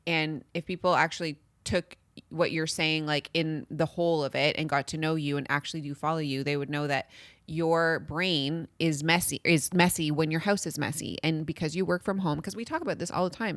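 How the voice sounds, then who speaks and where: A woman co-hosts a casual podcast, talking candidly and swearing without hesitation. Her voice sits low for a woman. The recording is dry and close, with no room sound. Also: fairly bright tone, no room sound. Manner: candid, venting, swears freely. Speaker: podcast co-host. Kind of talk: casual chat.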